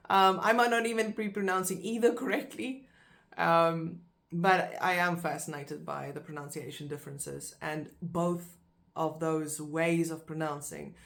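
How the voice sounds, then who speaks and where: A woman with a South African accent, a native Afrikaans speaker, giving a casual language lesson and repeating each word slowly so it can be pronounced. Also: low voice, vocal fry. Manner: slow and careful, repeats words to pronounce them. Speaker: language teacher.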